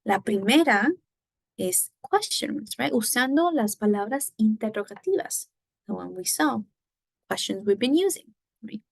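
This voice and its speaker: A woman's voice: on the high side, animated, normal speed, creaky, dry recording. A woman teaching a Spanish lesson, explaining in English and Spanish and often checking in with "right?". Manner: frequent fillers and restarts. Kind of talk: recorded lesson.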